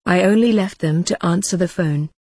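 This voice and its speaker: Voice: mid-range voice, moderate pace, darkish tone, slightly rough, dry recording, clean studio sound, natural voice. A storyteller voicing a stubborn male dairy farmer on the phone, defensive and insistent.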